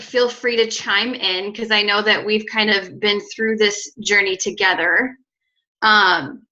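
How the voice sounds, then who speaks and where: Woman, guest coach, bright, conversational, pausing, lo-fi video call audio. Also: mid-range voice. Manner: conversational, with frequent pauses. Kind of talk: personal story on a team call.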